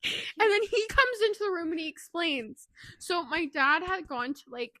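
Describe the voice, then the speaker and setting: A high, bright woman talking in a casual podcast chat, lively and quick to act out other people's lines. Her voice sounds close and dry, with almost no room around it. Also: no room sound. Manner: animated storyteller, acts out quoted voices. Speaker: podcast co-host.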